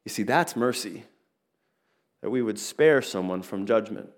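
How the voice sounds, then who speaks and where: A man preaching a sermon as pastor, earnest and animated, retelling a story with quick acted asides. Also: fairly low pitch.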